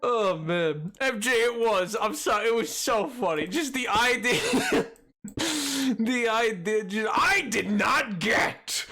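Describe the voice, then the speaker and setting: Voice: mid-range voice, lively intonation, takes it slowly, sharp tone. A game streamer chatting live with viewers, giggling and breaking into laughing fits between lines. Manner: talking to chat.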